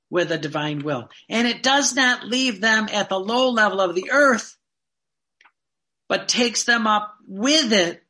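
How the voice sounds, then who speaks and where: Fervent preacher with a bright, forceful voice. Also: mid-range voice. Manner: earnest and fervent, slows down to read quoted passages. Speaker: religious teacher. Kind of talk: sermon-style teaching with read-aloud passages.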